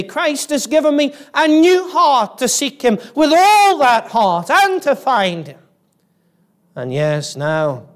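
Fired-up church preacher guy, kinda high voice, keeps asking the congregation "isn't it?". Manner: fervent, emphatic, climbs high on exclamations; addresses listeners directly with rhetorical questions. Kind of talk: evangelical sermon. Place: church, evening service.

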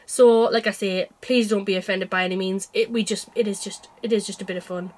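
A woman's voice: medium pitch, fairly even intonation, fairly quick, a little mellow. A woman vlogging about her cross-stitch projects in a chatty, self-mocking way, laughing often while feeling unwell. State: unwell with a cold. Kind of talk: casual chat to camera.

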